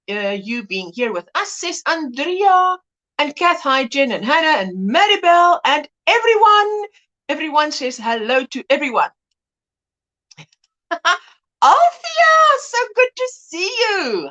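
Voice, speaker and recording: A woman hosting a livestream from her home setup keeps chatting, welcoming viewers by name one by one and laughing frequently. She speaks in a high, brightly expressive voice that swoops up and down, warm and friendly.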